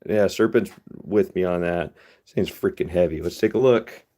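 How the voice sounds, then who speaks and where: A man's voice: sits low, moderate pace, dark tone. A man giving casual live commentary to his viewers from a hot workshop, chatting straight to them as he works. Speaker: livestreamer casting metal. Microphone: phone livestream.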